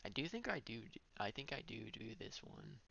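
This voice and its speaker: A man's voice: fairly low pitch, big pitch swings, fairly quick, creaky, sharp tone, husky, muffled recording. A male streamer giving gameplay commentary, thinking aloud and correcting himself as he goes.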